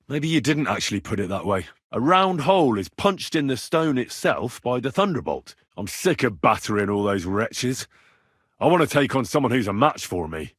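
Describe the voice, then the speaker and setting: A man voicing a young medieval commoner hero, blunt and quick to swear when angered, with a husky voice. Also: mid-range voice, no room sound, clean studio sound. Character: young male medieval blacksmith's son, blunt and hot-tempered. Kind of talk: video game voice lines.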